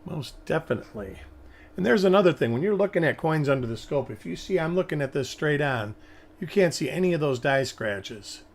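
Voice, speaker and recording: A man's voice: on the high side, expressive, a little fast. A male host giving casual live-stream commentary, thinking aloud and rambling as he examines coins. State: hiccups.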